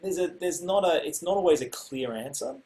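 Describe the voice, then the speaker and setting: A man's voice: fairly high pitch, expressive, fairly quick, darkish tone, poor audio. A man giving an online music lesson, talking casually and explaining rhythms by singing them out, over a video call mic. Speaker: music teacher.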